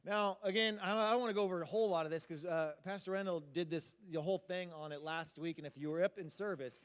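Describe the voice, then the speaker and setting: A man with a high voice preaches in a casual, rambling way, chatting and joking with the crowd. His words ring out with a long reverb from the church hall around him. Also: fast talker. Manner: casual, rambling delivery with audience banter. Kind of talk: sermon.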